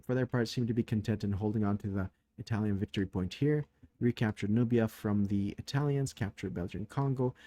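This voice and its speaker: A man's voice: on the low side, mellow, no echo. A man casually recapping a turn of a strategy board game, thinking aloud with many fillers, tired late at night.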